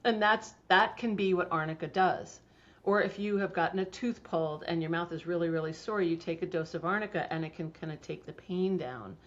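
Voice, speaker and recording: A woman's voice: lowish voice, a little fast. Chatty woman telling stories, dull recording. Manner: chatty storytelling, laughs often, frequent fillers. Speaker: homeopathy practitioner, guest. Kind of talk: casual interview talk. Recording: dull lo-fi sound.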